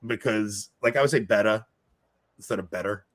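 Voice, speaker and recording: A man's voice: lowish voice, no echo. Long Island man hosting a chatty podcast. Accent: New York Long Island. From Long Island, New York. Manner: laughs often, talks in quick restarts. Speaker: podcast host. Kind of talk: casual podcast chat.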